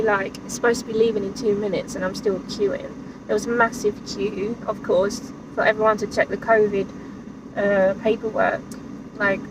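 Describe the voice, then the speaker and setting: A woman chatting casually in her vlog, saying "like" a lot and laughing often, recorded in her vehicle. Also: mid-range voice. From England. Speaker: vlogger. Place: in a car or van. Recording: distant mic with background noise.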